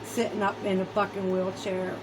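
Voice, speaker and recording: A woman's voice: medium pitch, level tone, normal speed, background noise. A woman vlogger in a casual, heated monologue, swearing a lot and sounding sarcastic and incredulous. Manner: heated, profane, ranting.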